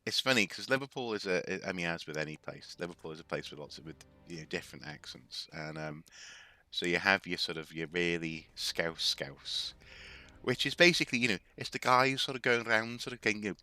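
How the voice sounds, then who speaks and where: A man's voice: deep voice, fairly quick, bright, forceful tone. A man casually commenting on a game as he plays, rambling with frequent restarts. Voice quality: rambling, with many fillers and restarts. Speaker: streamer.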